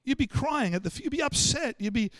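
A man with an Australian accent preaching a sermon, animated and full of stammered restarts as he acts out the voices of the people he quotes. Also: very high-pitched, quick pace, no room sound. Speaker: pastor.

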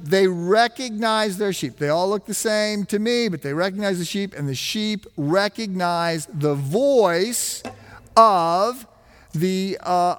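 A man's voice: high-pitched, fairly bright tone. A middle-aged man from the United States, a pastor telling a story in his sermon, chatty, with self-deprecating humor and frequent fillers. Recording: long hall reverb.

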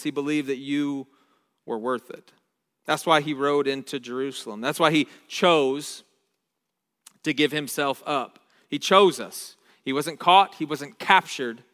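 A man giving a sermon as a pastor, earnest and unhurried, often restarting phrases and slowing down on key words. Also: a little high, bright, forceful tone. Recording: long reverb with faint guitar music.

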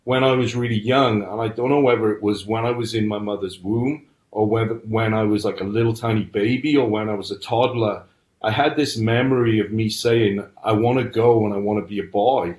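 A man's voice: lowish voice, fairly even intonation, a little fast, a little mellow. Earnest middle-aged man. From United Kingdom. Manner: earnest storytelling, frequent restarts. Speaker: podcast guest. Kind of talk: personal testimony. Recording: roomy echo.

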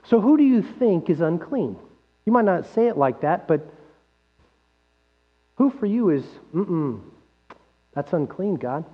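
A man preaching a sermon as pastor, animated, asking rhetorical questions and acting out quoted voices. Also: high-pitched, unhurried, long pauses. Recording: dull lo-fi sound with long hall reverb and mains hum.

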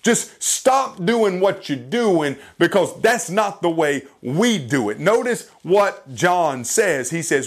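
A man's voice: high voice, big pitch swings, takes it slowly, hardly any pauses. A man preaching a sermon as a pastor, impassioned and building to fervent bursts.

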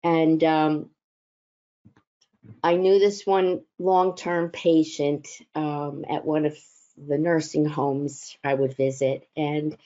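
Woman chaplain, reflective storyteller, unhurried delivery, warm dark tone. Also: sits low, flat delivery, dull audio. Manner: slow, gentle, reflective with filler pauses. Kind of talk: personal storytelling talk.

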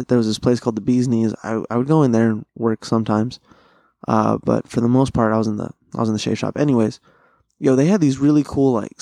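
A man's voice: medium pitch, dark tone, no room sound, clean studio sound. A young man hosting a solo podcast, telling rambling, profane, slang-heavy food stories. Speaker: podcast host. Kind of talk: casual solo podcast monologue. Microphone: close studio mic.

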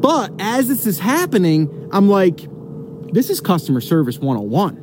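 A man's voice: sits high, wildly swooping pitch, moderate pace, noisy background. A man telling a long story to the camera, rambling with many fillers and restarts. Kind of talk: casual storytelling.

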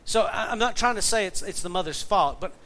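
A man preaching in an easy, folksy way, his voice sitting a little high for a man. He weaves stories and wry jokes into the message. A faint hiss sits under the recording. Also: lively intonation, brisk, fairly bright tone, low-quality recording. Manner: folksy, storytelling, joking asides. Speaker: pastor and jail minister. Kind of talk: conversational sermon.

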